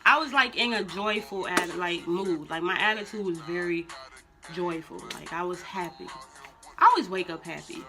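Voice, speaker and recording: A young adult woman vlogger telling a storytime in blunt, slangy, animated casual talk. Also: fairly low pitch, normal speed. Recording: music playing under the voice. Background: music.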